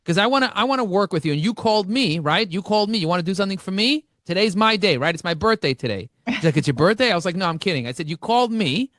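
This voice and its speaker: A man speaking as an interview guest, telling energetic stories and acting out both sides of conversations. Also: high voice, quick pace, hardly any pauses, no echo, clean studio sound. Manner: animated, acts out dialogue with shifting voices. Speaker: podcast guest, marketing expert.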